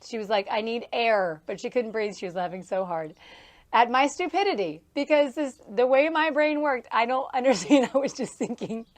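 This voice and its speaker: A woman's voice: fairly high pitch, animated, moderate pace. A woman in her thirties hosting a casual podcast, telling rambling stories with frequent laughter, recorded outdoors on a farm. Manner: chatty, laughs often, rambling asides. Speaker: podcast host. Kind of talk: casual solo podcast storytelling. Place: outdoors near a horse trailer on a farm.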